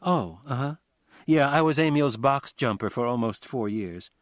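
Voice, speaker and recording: A man voicing a brisk young ex-magician's assistant. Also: medium pitch, lively intonation, dry recording, studio quality, pitched above the performer's own voice, close to an everyday voice.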